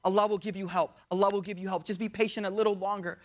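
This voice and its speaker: A man voicing a calm, patient male leader who gently reassures and urges patience. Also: sits high, quick pace, close to an everyday voice. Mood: calm reassuring.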